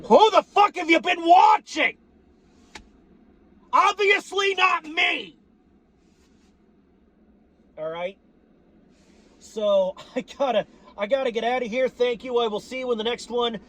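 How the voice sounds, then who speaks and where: A man ranting to camera about his football team, profane and rambling, breaking into shouts. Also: sits high, slight background noise. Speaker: sports fan vlogger. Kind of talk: ranting fan commentary to camera.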